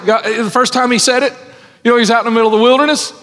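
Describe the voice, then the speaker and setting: A man preaching a sermon as pastor, folksy in his wording, swinging from loud exhortation to hushed tones. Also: very high voice, fairly even intonation, rapid-fire. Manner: folksy, says ain't and gotta. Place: church sanctuary. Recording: long hall reverb.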